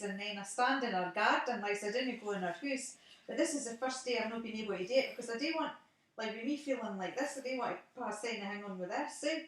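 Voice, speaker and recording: A woman's voice: on the high side, a bit bright, heavy reverb, far from the mic. A middle-aged woman with a Scottish accent, chatting casually on the phone at home and laughing often.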